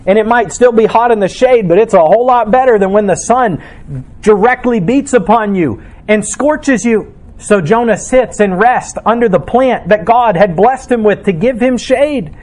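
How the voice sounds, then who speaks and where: A man's voice: high-pitched, normal speed, a little mellow. A man preaching a sermon as pastor, reading scripture and explaining it with emphatic delivery.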